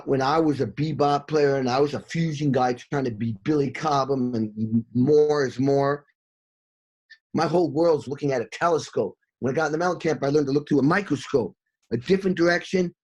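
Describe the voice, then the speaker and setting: An excitable middle-aged man with a husky, slightly raised voice tells studio war stories in a rush. He swears freely and sings out drum patterns as he goes. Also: fairly high pitch, moderate pace. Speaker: session drummer, interview guest. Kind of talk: animated storytelling in an interview.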